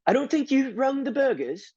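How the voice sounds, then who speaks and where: A man's voice: very high-pitched, big pitch swings, moderate pace, warm tone, husky, no room sound, voice pushed up, exaggerated voice. A prim young woman cashier, as a man puts her on, very proper and oddly formal. The voice sits far above his own and sounds thin and set back. The recording is dry and a little dull. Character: prim young woman fast-food cashier, British-tinged.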